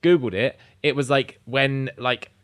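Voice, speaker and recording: A man's voice: medium pitch, steady tone, unhurried, clean tone, no room sound, studio quality. A man co-hosting a casual podcast, rambling with lots of "like" and swearing freely. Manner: rambling, heavy use of "like" and swearing. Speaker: podcast co-host.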